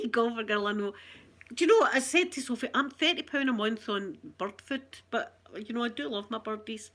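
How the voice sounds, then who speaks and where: A woman's voice: fairly high pitch, moderate pace, fairly bright tone. A woman with a Scottish accent chatting casually to her viewers on a phone, rambling and laughing often. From Scotland. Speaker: channel host.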